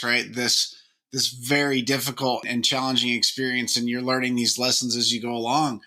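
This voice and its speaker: A man hosting a podcast, asking a guest a measured, earnest question. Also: mid-range voice, pushed and bright. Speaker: podcast host. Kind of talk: interview question.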